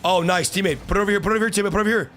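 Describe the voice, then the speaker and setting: A young man streaming a car-soccer match, trash-talking opponents and yelling at his teammates. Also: sits high, rapid-fire, slight background noise. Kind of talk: live gameplay commentary.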